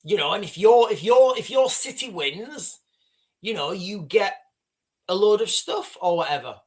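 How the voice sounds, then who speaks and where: A man's voice: high voice, very animated, unhurried. A man hosting a live stream, talking in a rambling, conversational way to his viewers and reading their chat comments. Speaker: livestream host.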